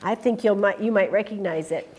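A woman reading a picture book aloud to children in an animated way, stopping to ask them questions. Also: medium pitch, fairly quick, slight background noise. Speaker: storytime reader.

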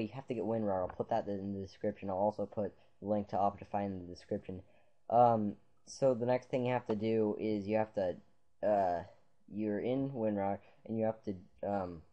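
A man with a lowish, mellow voice rambles through a casual on-screen computer tutorial. He talks into a computer mic, circles back and restarts often, and packs his sentences with fillers. The recording sounds dull and lo-fi. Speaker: tutorial maker.

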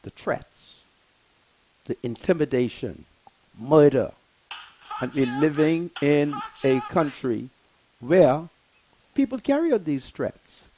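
Emotional older man, lively pitch. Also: slow pace, pauses often, a little hiss or hum, poor audio. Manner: emphatic, repetitive, swings between loud and soft. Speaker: talk show host. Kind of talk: impassioned monologue.

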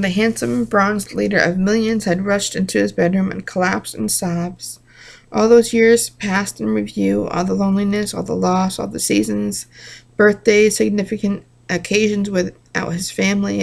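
Gravelly woman reading a devotional aloud. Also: mid-range voice, darkish tone. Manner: unhurried reading broken by personal asides. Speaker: reader of a devotional book.

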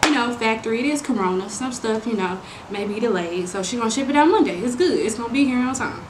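A woman's voice: a little high, fast. Exasperated young woman telling a storytime. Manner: animated, exasperated, slangy, addresses viewers as y'all. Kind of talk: casual storytime monologue. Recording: roomy with steady background noise.

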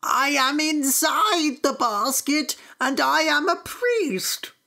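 A woman reading a storybook aloud, voicing a frightened male priest trapped in a basket who pleads in a high, panicky voice. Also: expressive, slow, vocal fry, fairly bright tone, husky, exaggerated voice. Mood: panicked pleading.

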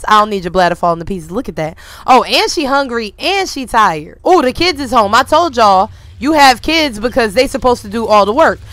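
A woman streamer giving casual, animated, slangy commentary to her viewers while playing a life-simulation game. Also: on the high side, fairly quick, few pauses, no echo. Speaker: gaming streamer.

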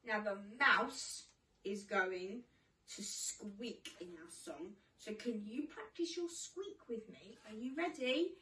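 A woman's voice: medium pitch, lively intonation, slow, sharp tone, echoey room, recorded from a distance, poor audio. A British woman teaching toddlers in a sing-along lesson, with a sing-song, exclamatory, encouraging manner. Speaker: children's teacher.

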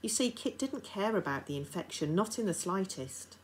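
A woman reading aloud, voicing a stern aristocratic lady who is also a grieving mother, commanding at first and then strained and halting. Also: mid-range voice, animated, slight background noise, pitched above the performer's own voice, close to an everyday voice, poor audio. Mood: grave.

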